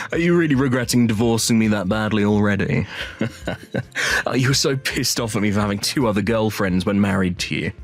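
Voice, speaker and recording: Man playing a smug, low-voiced, cheating CEO ex for a story drama. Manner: smug, mocking, chuckling.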